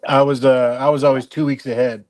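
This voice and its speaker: A man's voice: medium pitch, level tone, a little mellow, a little hiss or hum. Stammering man in casual chat. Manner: halting, stammering storyteller.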